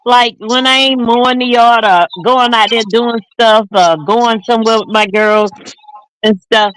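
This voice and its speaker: A woman's voice: fairly high pitch, steady tone, unhurried, a bit bright, no room sound, rough recording. Seventy-something woman, toothless, dry close sound, salty and joking. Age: 70s. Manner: salty, joking, laughs often. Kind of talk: casual chat.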